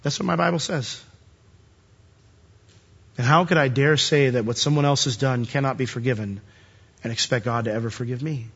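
Husky bright-voiced male preacher. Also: mid-range voice, moderate pace, long pauses. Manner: animated storytelling, acts out the characters. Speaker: pastor. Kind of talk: sermon. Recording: dull lo-fi sound.

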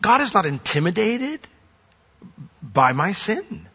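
A pastor preaching a sermon, lively and animated, often acting out voices. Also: male voice, a little high, normal speed, slightly rough. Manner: animated, acts out quoted voices. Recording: dull recording with long hall reverb.

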